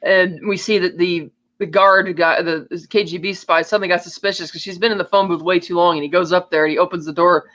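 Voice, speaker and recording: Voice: mid-range voice, fairly even intonation, a little fast, few pauses, fairly bright tone. A podcast co-host in casual chat, retelling a film's plot scene by scene and acting out the characters' lines. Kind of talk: casual film recap chat. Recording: dull lo-fi audio.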